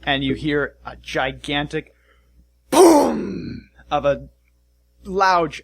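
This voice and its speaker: A man's voice: on the high side, sing-song, extremely slow, creaky, slightly rough, dry recording. A man narrating as game master of a tabletop game, casual and loose.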